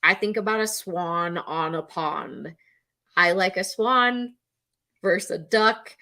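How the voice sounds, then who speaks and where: A woman's voice: lowish voice, slow, sharp tone. A middle-aged woman teaching as a mental health educator, earnest and repetitive, now and then acting out a panicked voice. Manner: earnest, repeats key phrases, acts out panicked voices. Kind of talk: instructional talk to camera.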